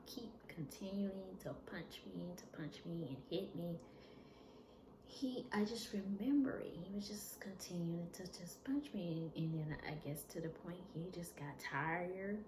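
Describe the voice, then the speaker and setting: A woman vlogger telling a personal story in an earnest, halting, confessional way. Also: lowish voice, reverberant, background noise.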